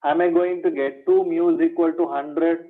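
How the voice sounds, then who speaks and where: In a tinny, phone-like online lecture recording, a male maths teacher with an Indian English accent runs an exam revision session. His voice sits on the high side with a steady tone at normal speed. He poses questions, answers them himself, and addresses students as "my dear."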